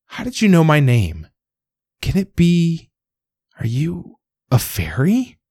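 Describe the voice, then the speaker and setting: A man's voice: fairly high pitch, wildly swooping pitch, takes it slowly, warm tone, breathy edge, no echo, clean studio sound, voice pushed up, exaggerated voice. Man doing a timid, eager young basil plant. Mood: earnest. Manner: breathless, pleading, apologetic.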